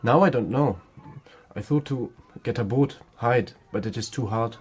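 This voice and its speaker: An actor playing a humble young German escaped prisoner-of-war officer, who speaks formal, halting English with a German accent in a radio drama. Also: male voice, mid-range voice, slightly rough, natural voice. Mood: weary, polite.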